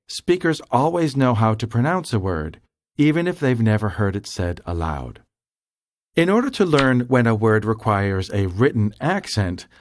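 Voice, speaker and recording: Man explaining with a lively, varied pitch. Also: no echo. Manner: clear, measured explanation. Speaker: language instructor. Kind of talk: scripted instructional narration.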